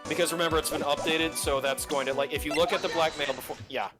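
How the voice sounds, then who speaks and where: A man's voice: a little high, fairly even intonation, fast. Man thinking aloud over game music. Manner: hesitant, thinking aloud with fillers. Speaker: streamer. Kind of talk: casual game chat. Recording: music playing behind the voice.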